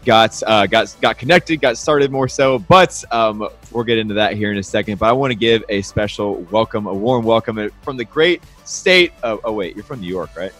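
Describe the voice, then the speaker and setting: Young guy hosting a podcast, pumped, kinda low voice, lots of dude and y'all. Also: a little fast, few pauses, fairly bright tone, faint music behind. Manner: hyped and enthusiastic, says dude and y'all. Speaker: podcast host. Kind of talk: upbeat podcast interview.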